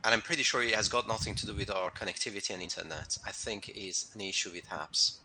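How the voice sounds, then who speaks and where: A man with a very bright, forceful tone and a lowish pitch speaks up during an online workshop. He gives a polite, measured explanation. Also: slight background noise, poor audio. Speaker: workshop participant. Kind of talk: casual remark on a call.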